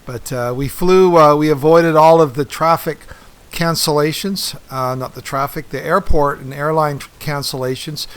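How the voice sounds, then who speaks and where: A man's voice: a little high, steady tone, normal speed, clear, resonant tone. A middle-aged man hosting a podcast in a casual monologue, rambling with many ums, uhs and restarts. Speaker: podcast host.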